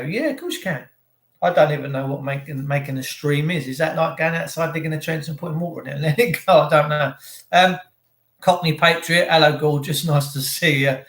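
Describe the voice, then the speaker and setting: A livestream host rambles through a sarcastic, opinionated rant while chatting to his viewers. His voice is fairly high-pitched and a bit bright, and the recording has a roomy echo.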